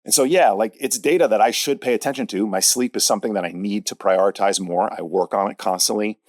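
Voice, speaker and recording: A man's voice: lowish voice, quick pace, a little mellow, no echo, clean studio sound. A man hosting a podcast as a fitness coach, talking directly and punchily in a casual solo monologue, often checking in with "all right?".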